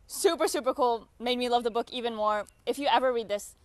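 Her voice runs a little high, and she talks briskly with few pauses. She's a book vlogger having a relaxed chat to camera, laughing frequently and brimming with enthusiasm.

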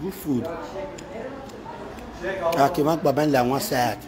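A man's voice: medium pitch, slow, crowd noise, poor audio. A man with a Nigerian accent in an emotional rant to his wife, repeating himself and mixing in Pidgin exclamations. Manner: repetitive, mixes Pidgin with exclamations.

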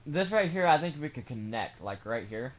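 A man's voice: medium pitch, sing-song, moderate pace. A young man casually commenting while playing a farming game, goofy and given to swearing. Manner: goofy, swears, bursts into silly sung bits. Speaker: gamer. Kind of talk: casual let's-play commentary.

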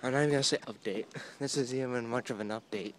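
A man's voice: medium pitch, fast talker. A young man vlogging outdoors on a boardwalk, talking into a phone at arm's length in a rambling, self-mocking way. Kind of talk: casual walking vlog. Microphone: phone held at arm's length. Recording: outdoor phone audio with steady noise.

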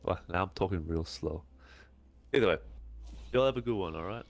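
A man's voice: low-pitched, brisk, muffled recording. A man streaming a shooter game, chatting to himself and his viewers in a casual, running commentary. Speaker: gaming streamer. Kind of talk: live gameplay commentary.

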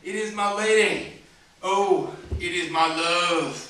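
A young lovesick Romeo, declaiming with a slow, loud Southern drawl, as a comedian puts him on. The voice rises high and carries through an echoing club, heard from a distance off the mic. Faint room noise sits behind it. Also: male voice, heavily acted. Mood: theatrical. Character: Romeo reciting, young male lover, overwrought.

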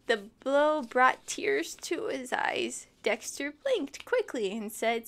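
A woman reading a children's picture book aloud, expressive and adding sympathetic asides. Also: high-pitched, slow pace, gravelly, hardly any pauses. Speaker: storytime reader.

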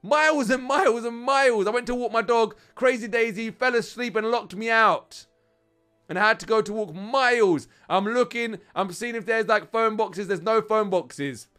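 A British man commentating casually on a mobile game he is playing, chatty and excitable, talking straight to his viewers. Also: sits high, normal speed, smooth, soft background music. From United Kingdom. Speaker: gaming channel host.

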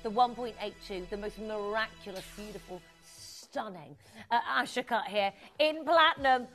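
A woman's voice: mid-range voice, moderate pace, fairly bright tone, soft background music. A woman presenting a live TV shopping show, gushing and exclamatory as she chats with viewers while selling jewelry.

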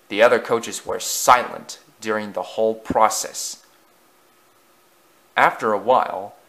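A man's voice: on the low side, fairly bright tone. A man narrating a storybook as an amateur reader, with frequent slips and self-corrections.

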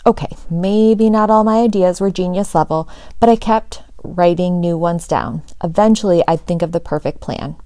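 A woman teacher reads a children's chapter book aloud, telling the story expressively. Her voice is fairly low and moves at a moderate pace, with no room sound in the recording.

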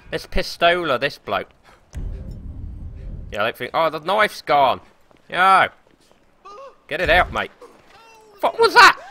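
A young gaming streamer commentates on a live game excitably, swearing often and laughing. His fairly high voice goes into a desk or headset microphone.

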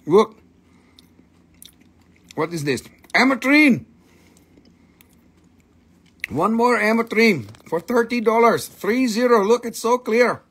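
A man's voice: high voice, unhurried, pauses often, a bit bright, breathy edge. A man running a live sales stream for rocks and minerals, with hammy, playful patter in mock broken English.

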